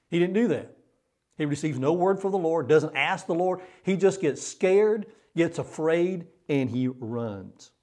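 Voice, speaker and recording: A man's voice: fairly high pitch, expressive, a little slow, mellow. A male pastor preaching a sermon in an earnest way, repeating phrases for emphasis.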